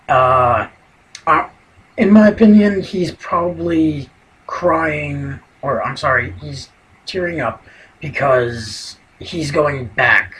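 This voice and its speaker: A man's voice: mid-range voice, a bit bright, low-quality recording. A man giving a casual spoken recap of a TV episode, rambling and leaning heavily on "you know" fillers. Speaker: TV episode reviewer.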